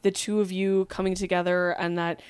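A woman's voice: on the low side, level tone, normal speed, darkish tone, clear, resonant tone, no echo. A woman hosting a podcast, giving earnest advice in casual chat with many fillers. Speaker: podcast host.

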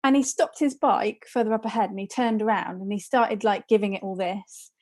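A woman's voice: mid-range voice, brisk. A woman co-hosting a casual chat podcast, telling stories with lots of animation and laughter. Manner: animated storytelling, laughs often. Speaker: podcast co-host.

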